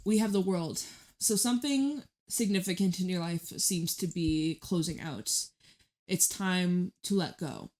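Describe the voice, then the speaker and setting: A woman's voice: lowish voice, unhurried, darkish tone. A woman giving a casual tarot reading, chatty and emphatic, who swears freely. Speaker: tarot reader.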